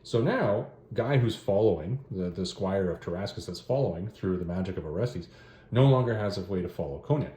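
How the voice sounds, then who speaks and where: A man's voice: deep voice, a little fast. A man hosting, giving a rambling, joking recap of a story in a casual way. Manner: rambling, joking, animated retelling. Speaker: host reviewing stories and comics. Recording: roomy echo.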